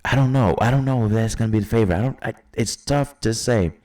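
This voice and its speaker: A man with a low, slightly mellow voice talks fast as he rambles alone through his wrestling predictions. He hesitates, leans on many fillers, and sometimes quotes imagined wrestlers and fans.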